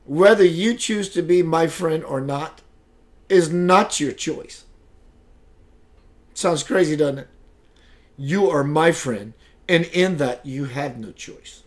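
A man hosting a live spiritual broadcast who talks in a slow, emphatic, preacherly way and reads out viewer comments. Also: on the high side. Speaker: spiritual show host.

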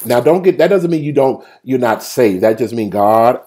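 A man's voice: mid-range voice, normal speed. A man preaching a livestreamed sermon, joking and colloquial, talking straight to his viewers by name. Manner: lively, joking, colloquial storytelling; talks straight to listeners by name.

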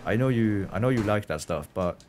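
Young guy streaming a game, chats w viewers, swears a lot, laughs, loud gunshots behind. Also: lowish voice, expressive, brisk. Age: young adult. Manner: swears often, laughs and reacts while reading chat. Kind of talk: casual live gaming stream chat. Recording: game gunfire and vehicle noise behind.

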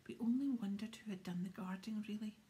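A woman's voice: mid-range voice, a little fast, mellow, close to an everyday voice. A woman voicing a clever, coaxing schoolgirl in a whispered role-play.

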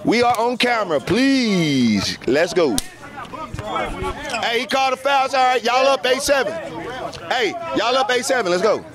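Guy calling streetball courtside, high voice, slow drawl, crowd noise all around. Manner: excited, trash-talking, calls the score. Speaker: courtside commentator filming pickup games. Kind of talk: hype courtside commentary. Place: outdoor basketball court. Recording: noisy crowd at an outdoor court. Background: crowd and bouncing ball.

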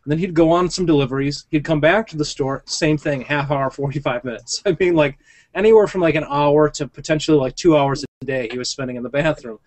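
Laughing, rambling podcast host. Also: male voice, fairly high pitch, fairly quick. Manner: rambling storyteller, laughs often. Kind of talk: casual podcast chat.

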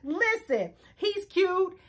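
A woman in her thirties recapping a reality dating show in a sassy, loud, casual way, switching speeds and pitch often. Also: very animated, drawn-out words. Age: 30s.

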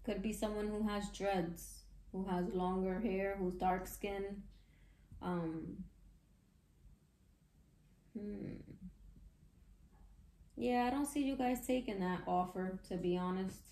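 A woman giving a casual tarot reading, chatty and excitable, with slangy talk and frequent laughs. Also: mid-range voice, takes it slowly, long pauses, reverberant. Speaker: tarot reader.

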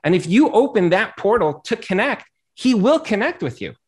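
Earnest man giving advice, higher voice. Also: very animated, moderate pace. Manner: earnest, explanatory, repeats phrases. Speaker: rabbi and accountant guest. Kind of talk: advice talk show conversation.

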